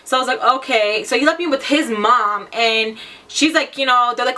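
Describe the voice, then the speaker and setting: A woman's voice: a little high, brisk, pushed and bright, distant mic. A young woman telling her own story in a casual vlog, talking bluntly with lots of fillers and swearing. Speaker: vlogger.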